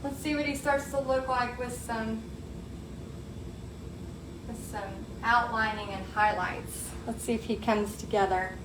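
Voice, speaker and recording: An upbeat woman with a high, bright voice chats her way through a live painting lesson. She sounds a little roomy, with an echo off the walls and a faint hiss of noise underneath. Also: steady tone, unhurried, long pauses. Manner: upbeat, chatty, talks to viewers as "y'all". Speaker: painting tutorial host. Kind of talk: live painting tutorial, chatty. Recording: echoey room, faint background noise.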